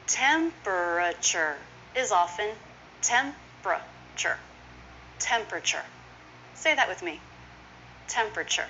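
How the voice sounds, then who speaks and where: A woman teaching pronunciation, saying each word slowly and carefully and repeating it for the listener to copy. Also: medium pitch, sharp tone. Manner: slow, careful modeling of words, repeats each one. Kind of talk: English pronunciation lesson. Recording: slightly dull recording with faint noise.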